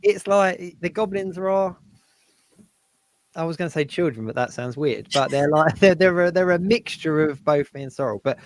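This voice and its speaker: Casual southern English host. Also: male voice, on the high side, moderate pace, no echo. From southern England. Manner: casual, hesitant, many fillers. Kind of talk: live stream chat.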